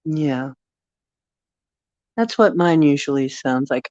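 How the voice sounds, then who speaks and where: Slow, hesitant spiritual vlogger. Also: medium pitch, no room sound. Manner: hesitant, musing, frequent fillers. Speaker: channel host. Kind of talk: casual spiritual talk. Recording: dull lo-fi recording.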